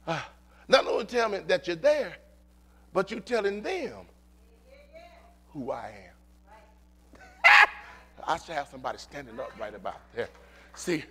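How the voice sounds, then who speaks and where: A man's voice: sits high, wildly swooping pitch, a little slow, long pauses, sharp tone, husky. A man, preaching a sermon as pastor in an emphatic call-and-response style. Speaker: lead pastor.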